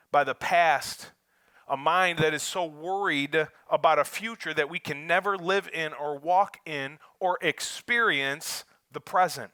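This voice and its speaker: High bright-voiced American pastor preaching. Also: male voice, takes it slowly, clear, resonant tone, no echo. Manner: builds from conversational to loud emphatic preaching, joking with the congregation. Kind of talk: sermon. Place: church sanctuary.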